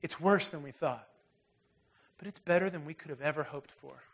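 A pastor giving a sermon in a casual, conversational, earnest way, closing in prayer. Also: male voice, fairly high pitch, normal speed, a bit bright.

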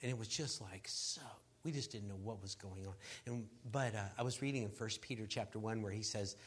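A man, a pastor, sharing a personal testimony on a panel in an earnest, halting way, restarting his sentences and laughing at himself as he goes. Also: fairly low pitch, breathy edge. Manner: laughs at himself while telling the story.

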